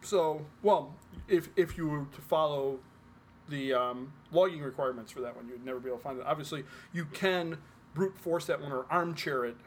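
A man co-hosting a casual podcast chat, with a voice pitched a bit above the usual male range. He rambles and restarts his sentences while working through a point. A faint noise sits under the recording. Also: moderate pace. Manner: rambling, restarts often, self-corrects. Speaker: podcast co-host.

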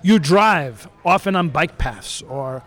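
A man's voice: fairly high pitch, lively intonation, takes it slowly, fairly bright tone. A man hosting a talk show, reading a news story aloud with jokey made-up asides and frequent stumbles over words.

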